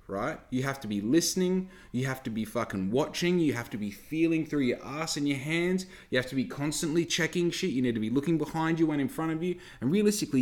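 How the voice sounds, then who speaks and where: A man hosts a podcast and rants at his listeners. He swears freely and talks to the audience directly in a loose, heated tone. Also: medium pitch. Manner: heavy swearing, ranting, talks straight to listeners. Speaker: podcast host. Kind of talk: casual podcast rant.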